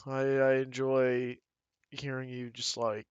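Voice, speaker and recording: A man's voice: mid-range voice, little pitch movement, slow, clear, resonant tone, no room sound. A man co-hosting a podcast in casual chat, crude and rambling, laughing often. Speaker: podcast co-host. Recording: dull lo-fi sound.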